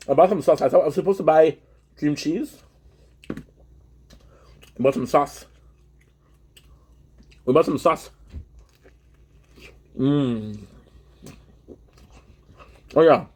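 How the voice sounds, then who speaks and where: A man's voice: a little high, lively intonation, slow, long pauses, a little mellow. A young man with a Québécois accent, chatting casually on a livestream while eating, switching between French and English and greeting viewers.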